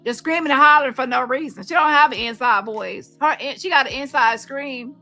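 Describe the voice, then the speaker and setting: A woman hosting a casual livestream, talking to her viewers in a blunt, gossipy way. Her voice is bright and a little high, and faint music plays underneath. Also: fairly quick. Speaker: livestream host.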